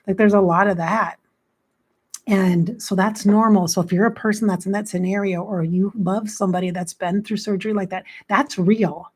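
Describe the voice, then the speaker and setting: A blunt, plain-spoken woman giving casual life coaching straight to her audience. Her voice sits at an ordinary middle pitch. She talks in a chatty way and swears without hesitation. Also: fairly even intonation, normal speed, darkish tone, breathy edge. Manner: frank, blunt, swears freely; chatty, quotes herself with "I'm like". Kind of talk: casual motivational talk to camera.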